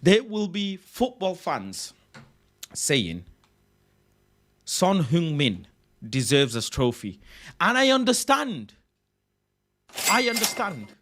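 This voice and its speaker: A young man hosting a casual livestream chat, excitable and repeating himself, often ending phrases with "bro". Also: high voice, slow, pauses often. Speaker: livestream host.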